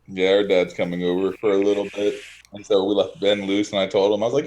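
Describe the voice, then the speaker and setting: Guy with a lowish voice rambling thru a story at home, acts out the quotes. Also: flat delivery, fast talker, a little mellow, slight background noise. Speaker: guest, e-liquid maker. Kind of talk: casual storytelling chat.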